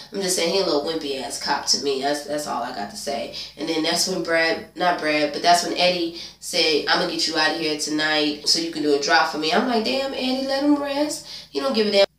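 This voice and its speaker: A woman's voice: sits low, fairly even intonation, a little fast, hardly any pauses, a bit bright. A sleepy woman, recapping a TV episode in a blunt, profane, casual way and talking back to the characters. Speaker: TV episode reviewer, channel host. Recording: echoey room, distant from mic.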